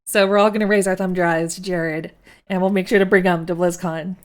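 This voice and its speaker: A young woman co-hosting a podcast in casual chat, often chiming in with short agreements and speaking softly at times. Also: on the low side, steady tone, brisk. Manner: supportive interjections, soft-spoken at times. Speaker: podcast co-host.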